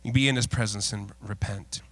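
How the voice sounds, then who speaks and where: A middle-aged male pastor preaching a sermon, mixing folksy, self-deprecating stories with earnest, lowered exhortation. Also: steady tone, moderate pace, creaky, a bit bright, dry recording. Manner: folksy, self-deprecating storytelling with frequent laughs.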